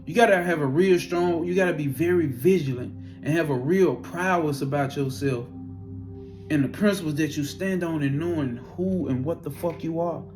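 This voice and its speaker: A man casually telling a spiritual experience story in a profane, animated way. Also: on the high side, moderate pace, faint music behind.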